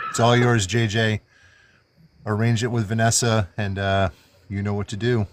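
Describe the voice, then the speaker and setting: A man's voice: mid-range voice, fairly even intonation, normal speed. A man hosting a live fundraiser stream, chatting casually and calling out auction bids. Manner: upbeat, auctioneer-like calls. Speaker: livestream host.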